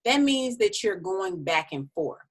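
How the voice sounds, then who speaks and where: A woman's voice: mid-range voice, sing-song, measured pace. A woman hosting a casual motivational podcast, talking in a chatty, direct way while her mouth is sore from the dentist. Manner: chatty and direct, addresses listeners as y'all. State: sore mouth after a dental visit. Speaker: podcast host.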